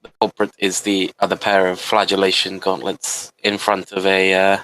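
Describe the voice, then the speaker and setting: A man's voice: sits low, completely flat delivery, moderate pace, noisy background. A man running a tabletop game as game master, describing scenes with frequent restarts.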